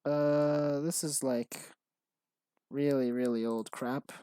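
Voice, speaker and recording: A man's voice: mid-range voice, steady tone, takes it slowly, mellow, clean tone, no room sound, clean studio sound. A man streaming while he builds his own game, rambling casually with many restarts and fillers. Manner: rambling, self-interrupting, frequent fillers and restarts. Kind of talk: casual live-stream commentary.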